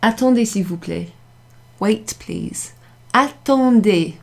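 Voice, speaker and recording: A woman leads a beginners' class in a small room, explaining each point patiently and repeating every example. Her voice sits a little low. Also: lively intonation, a little slow, a little mellow. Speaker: French teacher. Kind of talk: classroom French lesson.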